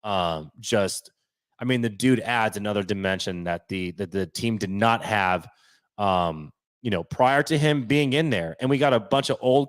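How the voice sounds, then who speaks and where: A man co-hosting a sports podcast, ranting bluntly and casually with lots of swearing and rambling asides. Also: fairly low pitch. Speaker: podcast co-host.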